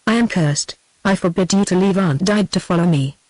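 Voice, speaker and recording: A synthetic woman's voice with a British accent reading the lines of a distraught young peasant girl in an even, plain manner. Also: on the low side, normal speed, no room sound, close to an everyday voice, rough recording.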